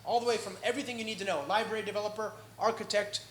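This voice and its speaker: A man with an American accent giving a live tech talk at a meetup, energetic and joking, often checking in with the crowd. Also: sits high, rapid-fire, roomy sound, slight background noise. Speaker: conference speaker. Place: indoor meetup venue.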